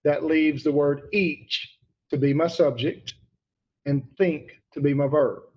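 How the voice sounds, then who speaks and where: A man's voice: on the high side, steady tone, slow pace, slightly rough, dull audio. Emphatic man teaching an online grammar class. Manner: emphatic, repeats for effect, addresses students by name.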